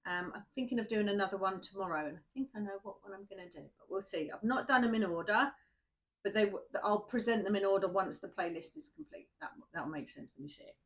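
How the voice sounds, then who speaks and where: A woman's voice: mid-range voice, lively intonation, fast talker. A woman, tired and shaky after night shifts, chatting casually and rambling to viewers before a tarot reading, laughing at herself. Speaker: tarot reader.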